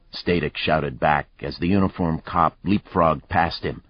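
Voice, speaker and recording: A man narrating a thriller audiobook in a measured, even storytelling manner. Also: rumbling low. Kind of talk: scripted narration. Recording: dry, slightly muffled recording.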